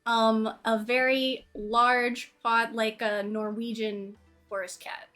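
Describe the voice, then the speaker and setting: A woman's voice: on the high side, little pitch movement, slow pace, a bit bright, faint music behind. A woman playing in a tabletop game, eager and playful, often giggling. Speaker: player. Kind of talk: casual tabletop play.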